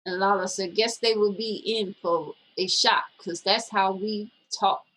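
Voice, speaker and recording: A woman co-hosting a loose, casual chat show, reading viewer comments aloud one after another. Her delivery is blunt and teasing, with a voice of ordinary middle pitch. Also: steady tone, unhurried, a bit bright, low-quality recording. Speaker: co-host.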